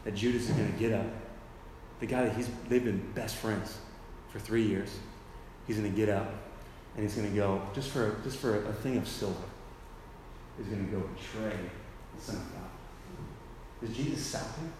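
A man's voice: lowish voice, moderate pace, pauses often, a little mellow, a little hiss or hum. A young man giving a casual sermon, full of slang, who acts out the people in the story as he tells it. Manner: slangy and conversational, full of "dude" and "like". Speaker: youth speaker at a church. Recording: echoey hall with faint ambience.

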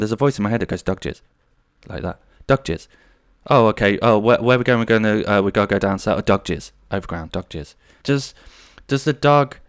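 A young man with a fairly low voice tells a long, rambling story on his podcast. He talks casually and swears freely. The recording is close and dry. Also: dry recording. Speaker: podcast host. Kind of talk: casual solo storytelling monologue.

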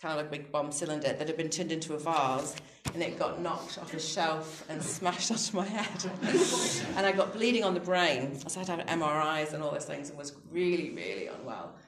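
Interview guest: a woman in her thirties with a low voice, telling reflective personal stories, quick to laugh at herself, recorded in a roomy, echoey space. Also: background noise. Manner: thoughtful, soft-spoken, laughs readily at her own stories. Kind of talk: reflective personal storytelling on faith.

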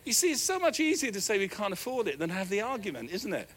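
A middle-aged New Zealand pastor preaches in a church, telling a story with animated, self-deprecating humor. His voice sits high for a man and comes across bright and forward. A faint hiss runs under the recording. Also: fast talker. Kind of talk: sermon. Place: church hall.

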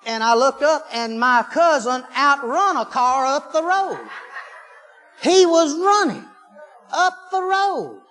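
A man's voice: very high-pitched, lively intonation, takes it slowly, bright, forceful tone, a little hiss or hum. A man preaching a sermon, telling folksy stories and breaking into fervent hallelujahs. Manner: folksy storytelling, rising into fervent exclamations. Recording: long hall reverb.

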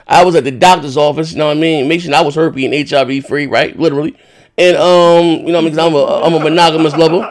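A man hosting a podcast in casual chat, rambling and swearing as he retells a dispute with animated indignation. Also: a little high, rapid-fire. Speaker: podcast host.

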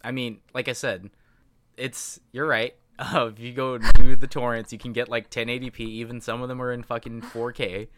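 A man's voice: mid-range voice, little pitch movement, normal speed, sharp tone, a little hiss or hum. A man from the United States co-hosting a podcast, talking casually with lots of swearing and rambling restarts. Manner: profane, rambling, emphatic. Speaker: podcast co-host. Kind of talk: casual chat.

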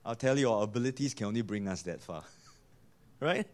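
Man, pastor, sermon, animated pitch, emphatic. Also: brisk. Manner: animated, emphatic, repeats key lines.

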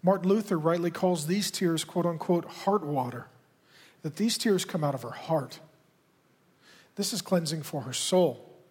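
Pastor, male, fairly high husky voice, direct conversational sermon delivery, reverberant hall. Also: a little slow, a little mellow. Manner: direct, conversational preaching with pointed asides.

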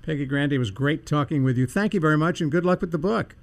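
A man's voice: a little high, fast talker, creaky. A male radio host speaks in a slightly raised register. His questions come across as casual, curious and playful. He keeps the exchange light and easy.

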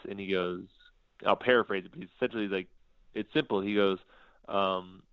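A man's voice: fairly low pitch, moderate pace, smooth, no room sound. A man, a podcast guest, telling a story casually and acting out the dialogue he quotes. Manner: lively, acts out quoted dialogue. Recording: dull lo-fi sound.

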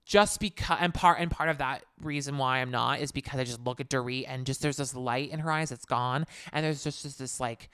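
A podcast co-host in casual chat, animated and emphatic while recapping a reality show. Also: medium pitch, clear, resonant tone, dry recording, studio quality.

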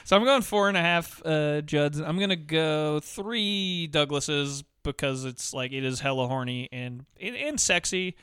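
Man, podcast co-host, smooth bright voice, enthusiastic, rambling. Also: fairly high pitch, animated, measured pace, hardly any pauses, dry recording, clean studio sound. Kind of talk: casual movie review chat.

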